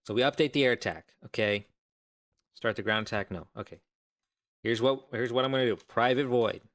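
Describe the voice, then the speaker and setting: A man's voice: mid-range voice, a little fast, a bit bright. A man streaming his game development live, thinking aloud in a rambling, self-interrupting way as he codes. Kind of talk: casual live-stream coding commentary.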